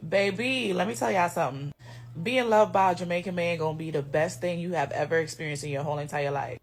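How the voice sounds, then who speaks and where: A woman's voice: fairly low pitch, quick pace, slight background noise. A woman talking to camera in a sassy, emphatic way, with swearing. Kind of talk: casual talk to camera.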